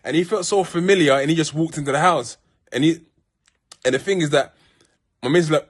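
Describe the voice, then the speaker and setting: A man's voice: fairly high pitch, a little fast, pauses often, husky. Heartfelt South London man telling stories. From Peckham, South London. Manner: rambling, heartfelt, many restarts and street slang. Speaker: vlogger. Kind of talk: casual storytelling monologue.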